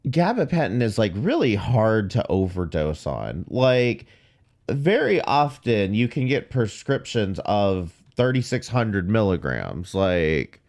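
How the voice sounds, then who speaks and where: Sarcastic man with a lively voice. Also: lowish voice, takes it slowly. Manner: sarcastic, profane, skeptical asides. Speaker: commentary host. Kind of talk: reaction commentary.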